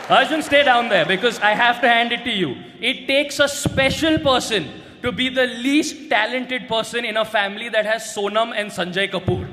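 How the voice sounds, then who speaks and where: A young man, performing a stand-up roast set and shouting his punchlines brashly. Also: extremely high pitch. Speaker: roast comedian. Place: large indoor stage venue. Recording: live hall with reverb and crowd noise.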